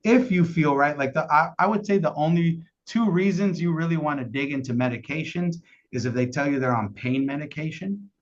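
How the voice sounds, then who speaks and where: A man leading a casual sales training call, energetic and asking "right?" again and again. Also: on the high side, fairly quick. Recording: dull lo-fi call audio.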